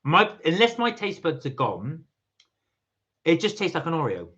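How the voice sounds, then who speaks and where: A man's voice: on the high side, wildly swooping pitch, moderate pace, pushed and bright, dull audio. A man hosting a live stream, chatting casually and rambling as he tastes snacks and reads out viewer comments. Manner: chatty, rambling, reads chat messages aloud.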